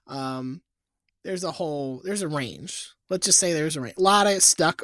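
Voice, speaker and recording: A woman's voice: low-pitched, animated, normal speed, fairly bright tone, no echo. A woman co-hosting a podcast in casual chat, with a dry, sardonic manner. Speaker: podcast co-host.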